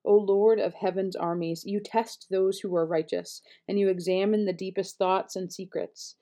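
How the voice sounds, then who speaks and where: A woman reading scripture aloud in a measured, steady delivery, now and then correcting a slip. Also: mid-range voice. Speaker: Bible reader.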